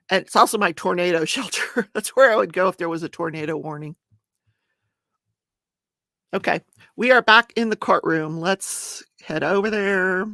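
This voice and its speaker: Chatty older woman, gravelly voice. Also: on the low side, fairly bright tone, no echo, studio quality. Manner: chatty, greets viewers by name, laughs often. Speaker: livestream host. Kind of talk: casual livestream chat. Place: at home.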